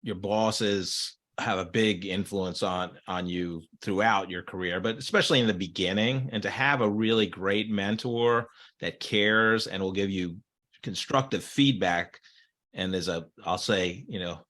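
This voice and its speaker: Male podcast host, fairly low voice, reflective and affirming. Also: unhurried, a bit bright. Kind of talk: interview conversation.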